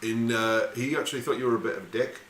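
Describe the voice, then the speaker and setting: A man with a medium-pitched, fairly bright voice runs a tabletop game as game master, narrating quickly and casually with rambling asides and swearing. The room is echoey with faint noise.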